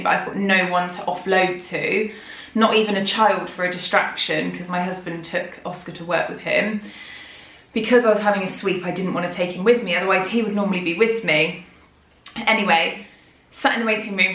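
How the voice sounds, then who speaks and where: A woman chats candidly, rambling a little as she works through her anxieties. She is heavily pregnant, and her voice sits at an ordinary middle pitch. The room around her is echoey and bare-sounding. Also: pushed and bright. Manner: candid, rambling, talks anxiously through worries. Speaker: vlogger. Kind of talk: chatty personal storytelling. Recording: roomy echo.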